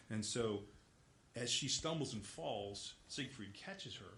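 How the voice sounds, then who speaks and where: A man's voice: on the low side, lively intonation, unhurried, fairly bright tone. A man giving a casual lecture that retells an opera plot. He rambles and corrects himself, with lots of fillers. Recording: echoey room, faint background hiss.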